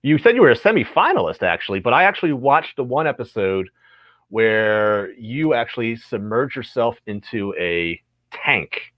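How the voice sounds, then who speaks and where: Expressive male livestream host. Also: medium pitch, no room sound, dull audio. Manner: friendly, halting, with frequent restarts. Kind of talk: casual livestream chat.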